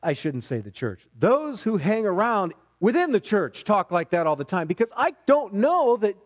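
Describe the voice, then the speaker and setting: A man delivering a sermon with an emphatic, swinging delivery. His voice sits a little high for a man. He moves from quiet, low passages up to loud, forceful ones. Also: sing-song, normal speed. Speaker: pastor.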